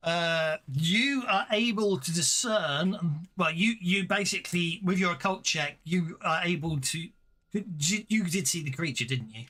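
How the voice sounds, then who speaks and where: Gm running a tabletop game, chatty, keeps fixing themself, bright voice. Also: mid-range voice, measured pace. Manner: chatty, stops to correct themself. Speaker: game master.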